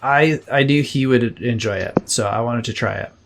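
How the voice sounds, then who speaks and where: A man in his thirties chatting easily on a podcast, his voice sitting at an ordinary middle pitch. He tells loose, rambling stories and leans on fillers as he goes. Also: normal speed, creaky, noisy background. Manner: relaxed storytelling with many fillers. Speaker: podcast co-host. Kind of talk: casual chat.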